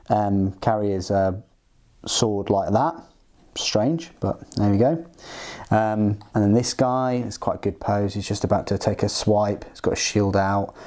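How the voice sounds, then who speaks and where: A man speaking in a fairly low, mellow voice. He reviews a hobby kit off the cuff, pausing often and restarting his sentences as he works out what to say. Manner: halting, hesitant, thinks aloud as he goes. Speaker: miniatures reviewer.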